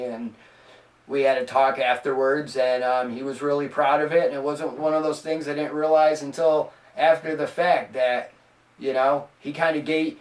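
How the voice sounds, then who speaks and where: A man hosting a podcast, telling a rambling, profane story in a casual, animated way. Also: a little high, reverberant, far from the mic. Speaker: podcast host.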